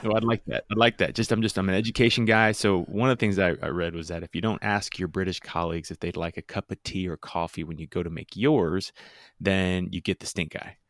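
Male podcast host, low and gravelly, chatty and rambling. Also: steady tone, a little fast, no echo, clean studio sound. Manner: rambling, repeats words when starting sentences. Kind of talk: casual interview chat.

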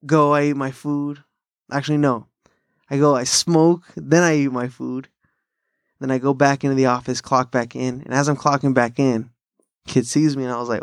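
A man with a medium-pitched, steady voice talks a little fast with some vocal fry, recorded clean in a studio with no echo. He hosts a podcast in casual chat, telling rambling, profane, bro-style stories and laughing often.

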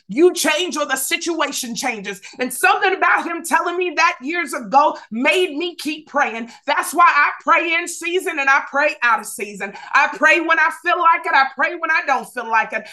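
A woman preaching with fervor in a high, bright voice. She builds rhythm through repeated phrases and calls her listeners to answer back. She is speaking through a video-call microphone. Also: normal speed, hardly any pauses. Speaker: Bible study teacher. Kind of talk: sermon-style Bible teaching.

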